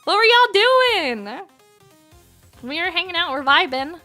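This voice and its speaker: A woman's voice: very high voice, very animated, unhurried, bright, forceful tone, soft background music. A woman in her thirties chatting casually on a livestream, playful, laughing often and swearing freely. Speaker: streamer.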